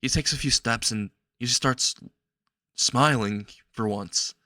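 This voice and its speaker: A man improvising the narration of a fan-fiction story, in a halting, repetitive way with frequent restarts. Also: mid-range voice, bright, forceful tone, dry recording.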